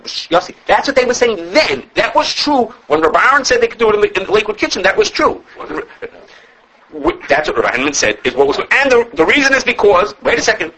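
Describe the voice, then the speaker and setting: A man's voice: sits high, very animated, quick pace, pushed and bright, husky, poor audio. A man teaching a classroom Talmud lesson. He explains animatedly, restarting phrases and checking in with the students. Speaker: Torah teacher.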